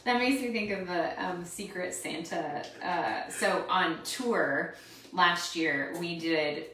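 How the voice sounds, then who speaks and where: A woman's voice: fairly low pitch, slow, a bit bright. Woman co-host, cooking chat, playful, distant mic, roomy echo, faint hiss. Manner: playful, giggly, wordplay. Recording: echoey room, distant mic, faint noise.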